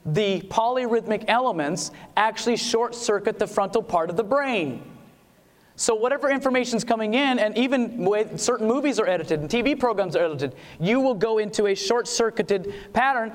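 High-voiced man preaching in a reverberant hall. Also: animated, normal speed. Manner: emphatic, asks the audience questions, sings examples. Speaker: Christian music seminar speaker. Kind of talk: preaching lecture on music.

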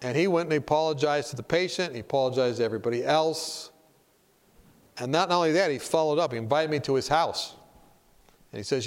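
A man's voice: fairly high pitch, a little fast. Direct, storytelling male preacher. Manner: direct, storytelling, asks the audience questions. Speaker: preacher teaching a class. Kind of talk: conversational sermon with stories.

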